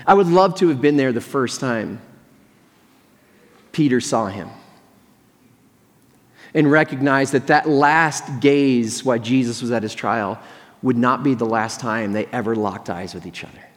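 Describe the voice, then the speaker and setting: A man's voice: medium pitch, measured pace, long pauses. A man preaching a sermon as pastor, telling a story earnestly and imagining what people thought and said. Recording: long reverb of a large hall.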